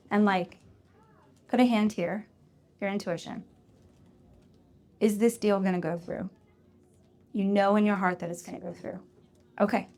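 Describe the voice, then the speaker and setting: Woman coaching a live audience. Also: medium pitch. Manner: warm coaching tone, acts out quoted voices. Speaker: podcast host answering audience questions. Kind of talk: live Q&A advice talk. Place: live event before an audience.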